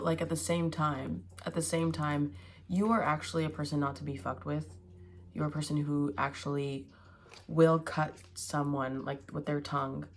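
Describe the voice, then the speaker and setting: A woman's voice: low voice, darkish tone, a little hiss or hum. A woman giving a casual tarot reading, musing aloud with hums and fillers as she turns each card. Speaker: tarot reader.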